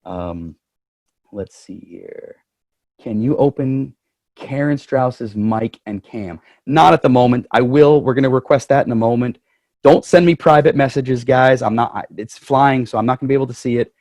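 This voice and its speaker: Man, club president, casual address, chatty, joking, dry, mid pitch. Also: moderate pace, darkish tone, no room sound.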